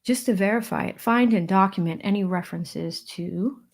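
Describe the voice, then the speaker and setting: A woman's voice: mid-range voice, normal speed, gravelly. A woman from the Boston area hosting a casual livestream, chatty and effusive as she reads out viewer donations. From Boston area, USA. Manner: chatty and effusive, with many thank-yous and shout-outs. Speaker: livestream host of a legal commentary channel.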